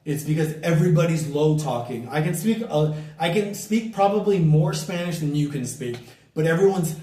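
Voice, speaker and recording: A middle-aged American man vlogging a loud, profane, irritated rant outdoors at dusk. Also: on the high side, lively intonation, moderate pace, roomy sound, recorded from a distance. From United States. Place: outdoors at dusk, bugs and a barking dog nearby.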